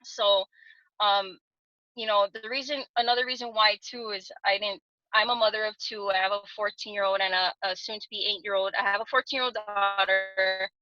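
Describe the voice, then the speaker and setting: A woman's voice: mid-range voice, fairly even intonation, moderate pace, sharp tone, no room sound. A woman in her thirties from Hawaii telling her story in a casual, earnest way with lots of fillers on a video call. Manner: earnest, many fillers and restarts. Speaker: guest giving a testimonial on a video call. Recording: dull lo-fi call audio.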